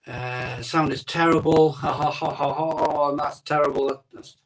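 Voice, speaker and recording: A rambling, chatty man with a voice that sits a little high for a man. He hosts a casual live stream from his home conservatory and talks into a phone mic. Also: fairly even intonation, unhurried, distant mic, low-quality recording. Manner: rambling, chatty, reads out viewer comments. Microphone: iPhone microphone.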